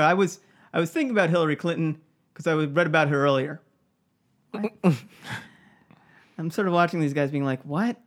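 A man's voice: a little high, a bit bright. A man co-hosting a podcast, telling a funny story in a casual way, laughing often and acting out the people he quotes. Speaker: podcast co-host.

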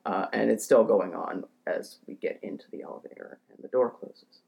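A man's voice: moderate pace, vocal fry, muffled recording. A man telling a story in casual talk, rambling with lots of fillers and restarts, and getting heated as he goes. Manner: acts out quotes in a shouting higher voice; grows heated and ranting. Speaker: podcast storyteller.

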